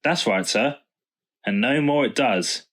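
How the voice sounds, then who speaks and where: A plain-spoken village sergeant who talks in a flat, matter-of-fact way, read by a male storyteller. He sounds unimpressed and a bit bored. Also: medium pitch, takes it slowly. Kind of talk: storybook reading.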